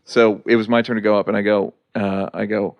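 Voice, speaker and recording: A man's voice: lowish voice, flat delivery, fairly quick, creaky, dry recording, highs cut off. Male guest, dry wry storyteller, swears freely, close dry recording. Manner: profane, dry storytelling with quoted impressions. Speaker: guest comedian. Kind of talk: casual podcast storytelling.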